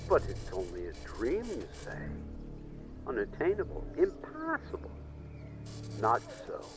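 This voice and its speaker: An actor voicing a persuasive propaganda announcer in a video game, selling a perfect new city. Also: male voice, mid-range voice, wildly swooping pitch, measured pace, over music. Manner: persuasive, salesman-like. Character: smooth male propaganda announcer selling a utopia.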